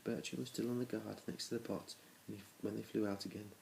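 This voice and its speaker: Low gravelly dad reading a storybook. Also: male voice, little pitch movement, quick pace, darkish tone, slight background noise, low-quality recording. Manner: plain reading with small restarts, little change between characters. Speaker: parent reading aloud to his children.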